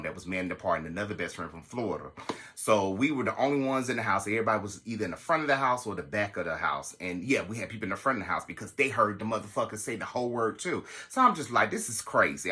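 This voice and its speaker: Animated man telling a dramatic story. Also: fairly low pitch. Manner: animated, profane, dramatic retelling. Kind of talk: casual storytime to camera.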